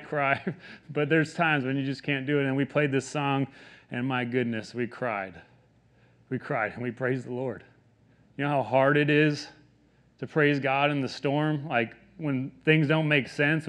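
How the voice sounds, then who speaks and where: A man in his thirties, a pastor, preaching a sermon in an earnest, conversational way that swings between quiet stretches and emphatic questions. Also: on the high side, steady tone, moderate pace.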